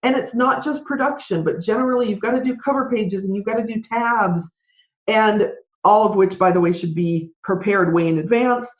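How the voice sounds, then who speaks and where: Female podcast host, fast conversational rant, muffled roomy recording. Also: medium pitch. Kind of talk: solo podcast advice. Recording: roomy, dull lo-fi sound.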